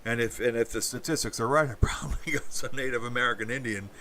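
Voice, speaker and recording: A man hosts a casual livestream, reading and answering chat messages aloud. His voice is bright and forceful, and his speech wanders with many halting restarts. There is a faint hiss of noise behind him. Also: mid-range voice. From Canada.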